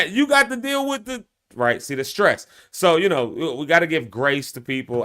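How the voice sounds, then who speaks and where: A man's voice: medium pitch, smooth. A man in his thirties hosting a live-stream show, chatting casually with viewers, laughing often. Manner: animated, laughing, talks straight to viewers.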